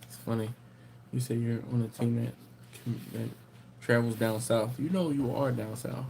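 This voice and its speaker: A man hosting a barbecue livestream, chatting casually and reading viewer comments aloud, with a rambling, animated storytelling manner. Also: medium pitch, normal speed, vocal fry, slight background noise. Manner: rambling storyteller, animated when telling anecdotes.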